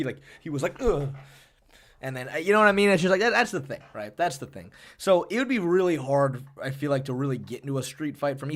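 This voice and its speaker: Animated man chatting on a live stream. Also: on the high side. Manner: animated, rambling, swears often, reads chat donations aloud. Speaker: streamer and MMA analyst. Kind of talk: casual live-stream chat.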